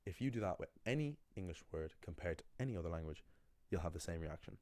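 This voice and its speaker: A man with a very low, deep voice teaching pronunciation in a relaxed, chatty video lesson. He is animated and acts out the voices of the people he quotes. The sound is dry and close, with no room echo. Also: fast. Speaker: language teacher.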